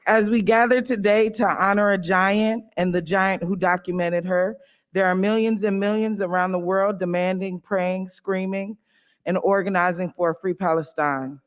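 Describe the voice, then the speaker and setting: A man's voice: sits high, fairly even intonation, normal speed. A man speaking on a symposium panel, delivering a prepared tribute speech in a rhythmic, list-building style with playful asides. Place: university event hall.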